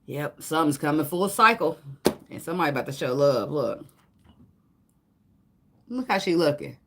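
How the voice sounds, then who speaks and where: A woman's voice: low voice, lively intonation, moderate pace, creaky, slight background noise. A woman giving a casual tarot reading, cursing, joking and laughing between cards. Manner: loud, laughing, profane, joking asides. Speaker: tarot reader.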